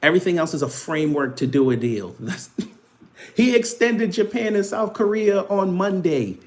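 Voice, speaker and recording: A man's voice: high-pitched, lively intonation, moderate pace, darkish tone. A man hosting a live stream, teasing and taunting his chat with casual banter and frequent laughs.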